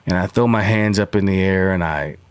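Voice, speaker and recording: A man's voice: deep voice, a little fast, smooth, no room sound. 40s guy rambling through old stories, lots of ums, dry close sound. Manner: rambling with many fillers and acted quotes. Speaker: guest. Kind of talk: casual storytelling interview.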